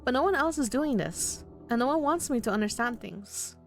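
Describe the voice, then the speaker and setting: A woman's voice: high voice, lively intonation, moderate pace, soft background music. Woman voicing an anxious, earnest young man. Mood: upset. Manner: earnest, worried, emotional. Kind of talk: visual novel voice acting.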